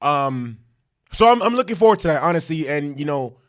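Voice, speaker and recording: Hyped, profane man with a high voice. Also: expressive, fairly quick. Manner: hyped, repeats "okay?" for emphasis; profane, self-correcting rambles. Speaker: sports fan commentator. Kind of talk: casual fan reaction vlog.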